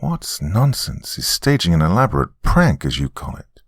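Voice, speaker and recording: A man voicing a stern older grandmother who speaks sharply and with quiet menace. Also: deep voice, huge pitch swings, normal speed, dry recording, studio quality, exaggerated voice. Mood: cold.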